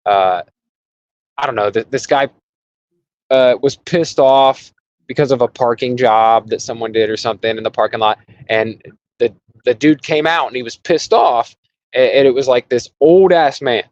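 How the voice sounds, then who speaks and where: A man co-hosting a casual podcast, talking freely and acting out angry people in quick quotes. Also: medium pitch, a little mellow, no echo. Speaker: podcast co-host. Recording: dry, dull lo-fi sound.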